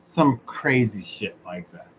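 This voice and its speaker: With a lowish voice, lively intonation and slow delivery, the host of a motorized bicycle talk show chats solo and casually. He swears freely, laughs a lot and leans on sarcasm, all captured in dull lo-fi audio with faint noise behind him.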